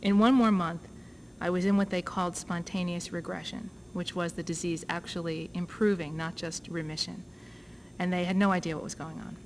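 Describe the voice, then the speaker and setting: A woman speaks to a conference crowd in a fairly low voice, telling her own story in a lively way. She acts out both sides of each exchange as she goes. A faint hiss sits under her words. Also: moderate pace, rough recording. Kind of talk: personal story told to an audience. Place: conference talk.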